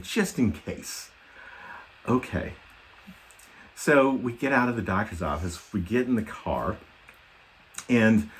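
Rambling man telling a dad story. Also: lowish voice. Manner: rambling, self-deprecating, many ums and likes. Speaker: podcast co-host. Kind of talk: casual storytelling chat.

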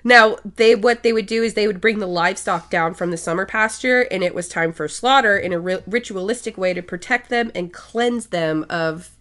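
A woman's voice: mid-range voice, fairly bright tone. Podcast lady reading off history notes, mid voice, chill and chatty. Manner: reads facts steadily, quick to laugh along. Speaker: podcast co-host.

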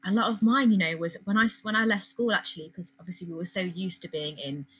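A woman's voice: fairly low pitch, fast, a bit bright, slightly rough, poor audio. A young woman from the Nottingham area, chatting supportively about anxiety and everyday life. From Nottingham area, England. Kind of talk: casual chat.

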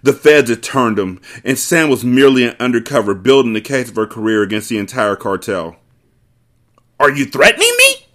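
A man's voice: mid-range voice, fairly quick, hardly any pauses. A man hosting a book podcast, reading a novel aloud and breaking off for profane, sarcastic commentary. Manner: profane, sarcastic asides and mock voices. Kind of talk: comic read-aloud with commentary.

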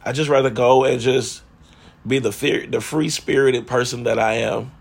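Gravelly, husky man venting candidly. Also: medium pitch, fairly even intonation, moderate pace. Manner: candid, rambling, heavy on profanity and slang. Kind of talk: personal confessional monologue.

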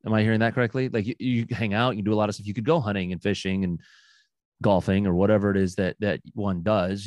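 Brief: male pastor host, low voice, reflective follow-up questions, dry room. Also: a little mellow, dry recording. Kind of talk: podcast conversation.

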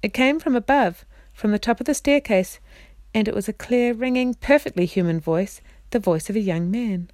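A woman reading a children's novel aloud, steady, with small slips and restarts. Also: fairly high pitch, moderate pace, no room sound. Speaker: reader.

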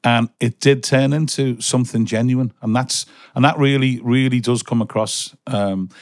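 A man hosts a podcast interview, working through long questions in halting bursts with plenty of restarts. His voice sits at a middle pitch and sounds dry and close. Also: steady tone, dry recording. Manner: hesitant, many restarts. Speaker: podcast host.

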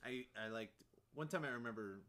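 A man from the Chicago area chatting on a podcast, halting, with dry deadpan humor. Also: mid-range voice. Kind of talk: casual podcast chat. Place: apartment.

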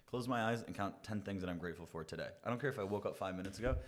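A man's voice: deep voice, very fast. A man hosting a podcast, chatting casually in an upbeat, motivational way about mindset. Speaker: podcast host. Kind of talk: casual chat.

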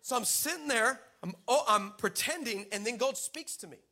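A man preaching a sermon in church, telling a funny story in an animated, playful way and teasing the congregation. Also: very high voice, moderate pace.

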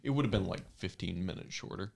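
A man's voice: sits low, quick pace, vocal fry, a little mellow. Blunt man in casual chat. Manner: blunt, dry, swears casually. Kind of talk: casual chat among friends.

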